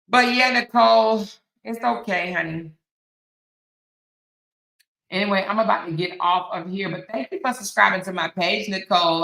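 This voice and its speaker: A woman's voice: lowish voice, vocal fry, pushed and bright. Sassy woman, echoey room. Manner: sassy, mocking, laughs often. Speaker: host. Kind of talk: casual commentary reading viewer comments.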